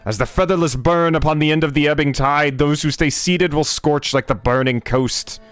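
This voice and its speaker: A man's voice: on the high side, moderate pace, fairly bright tone, clean tone, no echo, soft background music, pitched above the performer's own voice, natural voice. A man voicing a proud, zealous male gull in a video game, in a pompous, formal way with broken phrasing. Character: proud zealous talking gull, a male sea bird guard.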